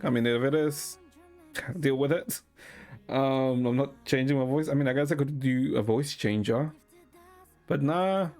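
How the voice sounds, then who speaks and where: A man streaming and chatting casually with a deadpan manner, swearing often. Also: mid-range voice.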